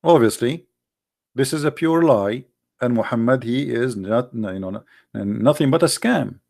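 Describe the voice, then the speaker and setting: A man's voice: medium pitch, animated, unhurried, gravelly, a little mellow. A man giving an argumentative monologue as a religious commentator, mocking and emphatic, full of rhetorical questions, in non-native English grammar.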